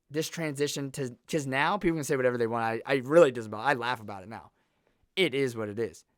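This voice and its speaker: A young man, casually telling personal stories to camera in a blunt, animated way. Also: medium pitch, no room sound, clean studio sound. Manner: animated, blunt, laughs through his stories. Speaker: vlogger.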